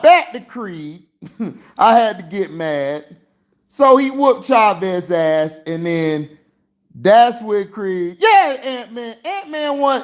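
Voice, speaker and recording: A man hosting a casual livestream movie review, rambling in a slangy way with lots of fillers. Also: high-pitched. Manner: rambling and slangy, full of "you know" fillers. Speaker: movie reviewer and channel host.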